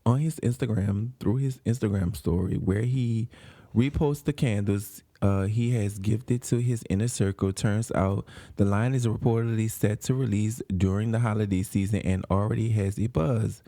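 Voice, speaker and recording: A man's voice: lowish voice, normal speed, warm tone. A man hosting a podcast, reading entertainment news and laughing often in casual chat. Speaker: podcast host.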